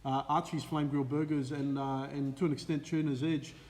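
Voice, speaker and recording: A man's voice: fairly high pitch, normal speed, in a large hall. An Australian man co-hosting a casual live stream, greeting viewers by name with lots of "uh" fillers. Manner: lively, reels off viewer names with many "uh" fillers. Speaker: co-host of a live racing stream.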